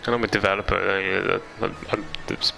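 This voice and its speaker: A man's voice: low voice, flat delivery, normal speed, vocal fry, sharp tone, rough recording. A young man streaming a game live, chatting casually, reading viewer comments aloud and laughing easily. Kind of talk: casual live-stream chat over gameplay. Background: game music.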